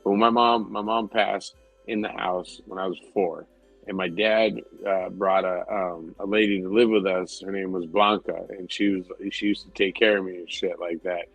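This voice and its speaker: A man's voice: deep voice, fairly even intonation, normal speed, creaky, no room sound, soft background music, low-quality recording. A man co-hosting a podcast, telling a story in casual, rambling chat, swearing freely and laughing often. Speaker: podcast co-host.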